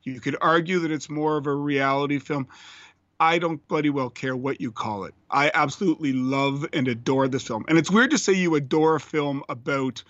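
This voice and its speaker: A man's voice: fairly high pitch, moderate pace, a bit bright, no echo, dull audio. A man guesting on a film podcast, talking passionately and emphatically. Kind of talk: casual film chat.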